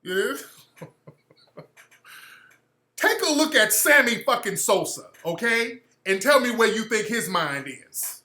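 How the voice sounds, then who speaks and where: A man's voice: extremely high pitch, big pitch swings, slow pace, long pauses, bright, forceful tone, echoey room. A man hosting a talk radio show, delivering a blunt, profane monologue that repeats and restarts phrases. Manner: acts out quoted people in mocking voices.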